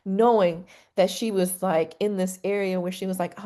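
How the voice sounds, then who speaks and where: A woman's voice: medium pitch, fairly even intonation, moderate pace, mellow. Earnest middle-aged woman telling a heartfelt story. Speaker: podcast guest, counselor. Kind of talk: conversational interview.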